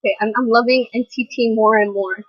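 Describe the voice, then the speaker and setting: A young woman reacting to a music video, gushing with excited exclamations as she watches. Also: a little high, fast talker, no room sound, muffled recording. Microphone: computer mic.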